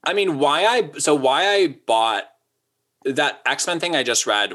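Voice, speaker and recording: A man's voice: on the high side, very animated, sharp tone. A young man chatting casually as a podcast co-host, rambling and filling his talk with "like". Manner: rambling, lots of "like", quick asides. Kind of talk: casual chat.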